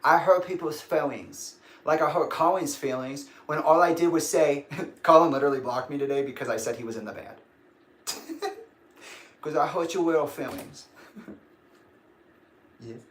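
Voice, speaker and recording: A man's voice: fairly high pitch, normal speed, pauses often, a bit bright, a little hiss or hum. A young man hosting a casual livestream, rambling and grumpy, laughing often. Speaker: livestream host. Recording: echoey room.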